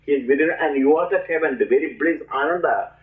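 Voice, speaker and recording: A man teaching as a spiritual leader, telling stories in an animated way, acting out voices and laughing often, on a tinny lo-fi archive recording. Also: fairly high pitch, quick pace. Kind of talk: spiritual talk with storytelling.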